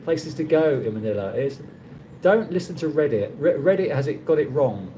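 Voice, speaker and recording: A man's voice: mid-range voice, lively intonation, moderate pace, mellow, dull audio, a little hiss or hum. A middle-aged man with a London accent, chatting casually on a livestream and reading viewer comments, rambling with many restarts. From London, England. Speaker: livestream host.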